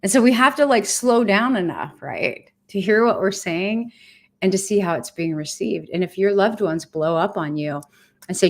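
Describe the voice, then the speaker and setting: A woman's voice: medium pitch, animated, moderate pace. A woman in her fifties talking candidly to her viewers on a livestream, earnest, blunt and heartfelt. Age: 50s. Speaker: vlogger sharing her cancer treatment.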